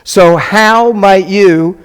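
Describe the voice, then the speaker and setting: A rabbi with a smooth, high voice draws out his words while teaching a live Hebrew class in a classroom or hall. He explains patiently and checks in often with his students, his voice trailing off into a long reverb tail.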